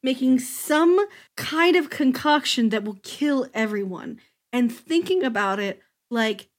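A woman chatting casually about an animated series, swearing and acting out lines. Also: a little slow. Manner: animated, swears, jumps between high and low. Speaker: podcast co-host. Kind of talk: casual chat about a cartoon.

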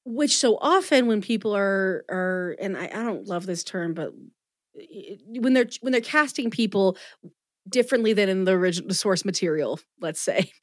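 A woman's voice: medium pitch, lively intonation, normal speed, dry recording. A woman co-hosting a casual chat, enthusiastic and self-deprecating, often restarting her sentences. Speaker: podcast co-host. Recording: dry close sound.

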